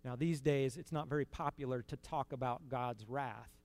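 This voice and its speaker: A man preaching a sermon in an earnest, conversational way, rising to emphatic peaks and dropping to quiet asides. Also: medium pitch, moderate pace, dry recording.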